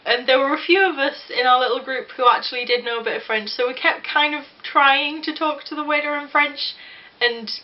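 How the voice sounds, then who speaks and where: A woman's voice: high-pitched, fairly quick, lo-fi sound. A young woman with an English accent, casually telling a self-deprecating story to camera with frequent restarts. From England. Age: young adult. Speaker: vlogger.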